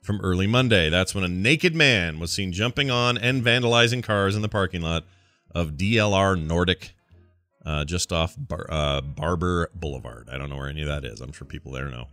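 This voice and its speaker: A man's voice: low-pitched, moderate pace, bright, forceful tone, dry recording, faint music behind. A man hosting a podcast in casual chat, wry and joking as he reads out news stories. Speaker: podcast host.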